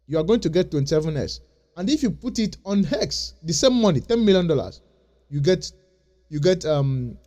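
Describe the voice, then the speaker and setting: A man's voice: high voice, warm tone. A man hosting his own channel, lecturing his viewers in an insistent, repetitive way in a casual vlog. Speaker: crypto channel host. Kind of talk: casual vlog talk to camera.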